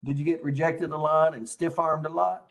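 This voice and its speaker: A man's voice: on the high side, flat delivery, normal speed, creaky, muffled recording. A man hosting a casual interview, a chiropractic consultant who asks leading questions in a coaching tone.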